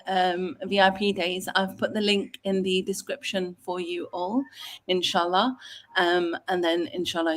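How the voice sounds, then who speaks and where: A woman's voice: medium pitch, fairly bright tone, a little hiss or hum. A woman hosting a casual online chat, talking in a rambling, chatty way with many fillers. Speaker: host.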